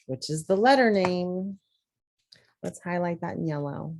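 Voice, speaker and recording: A woman's voice: fairly low pitch, a little slow, pauses often, a little mellow. A woman giving a patient phonics lesson to teachers, sounding out words as she writes. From Southern US.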